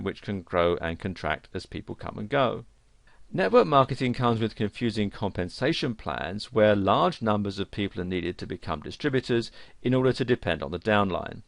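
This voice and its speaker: A man's voice: on the low side, creaky, no room sound. A man narrating an online course lesson, giving earnest, direct advice to learners.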